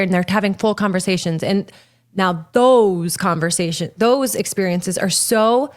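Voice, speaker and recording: A young woman with a Midwestern American accent, a guest on a casual podcast. She tells stories with animated emphasis and sounds chatty and open. Her voice sits at an ordinary middle pitch for a woman. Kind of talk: casual chat.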